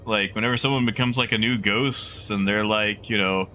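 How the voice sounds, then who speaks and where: A man's voice: fairly low pitch, steady tone, normal speed, sharp tone, slight background noise. A man streaming a game live, chatting casually and rambling as he muses aloud to his chat.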